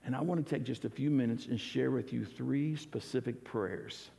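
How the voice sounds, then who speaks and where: A man's voice: mid-range voice, moderate pace, vocal fry, warm tone. A man preaching an earnest, conversational sermon as pastor, often restarting his words. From United States. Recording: church hall with long reverb.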